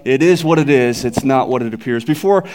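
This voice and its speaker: A man's voice: medium pitch, brisk, a little mellow. A male pastor giving an Easter sermon, telling stories that build to raised peaks and joking with the congregation. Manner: storytelling, builds to raised climaxes; jokes with the congregation.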